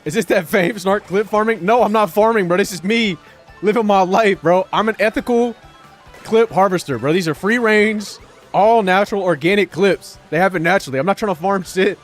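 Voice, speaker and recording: A man's voice: sits high, brisk, soft background music. A man streaming live while gaming, talking to his chat in a profane, sarcastic, rambling way.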